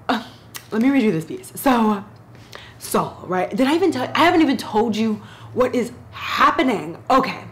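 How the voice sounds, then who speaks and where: A woman book vlogger chatting casually on her reading vlog, animated and giggly, gushing with big excited jumps. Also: medium pitch, unhurried.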